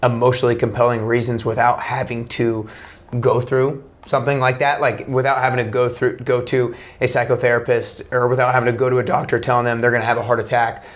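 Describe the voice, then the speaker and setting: A man's voice: mid-range voice, level tone, fast. A man hosting a podcast interview, asking long, thoughtful questions that he rephrases as he goes. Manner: thoughtful, searching phrasing with restarts. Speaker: podcast host.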